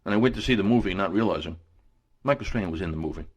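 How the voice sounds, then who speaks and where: Guy in his 40s rambling thru a story, lots of uh's, lowish voice. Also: very fast, breathy edge. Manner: rambling, lots of "uh" fillers and restarts. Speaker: radio guest storyteller. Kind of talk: casual anecdote telling.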